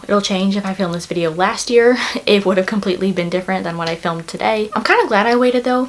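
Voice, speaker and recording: A young woman talking casually in a book recommendation vlog, gushing and emotional about the stories she loves. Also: mid-range voice. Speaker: book vlogger.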